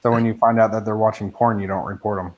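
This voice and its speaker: Excitable man co-hosting a live chat. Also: lowish voice, fast talker, muffled recording. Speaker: podcast co-host. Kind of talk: casual live-stream chat.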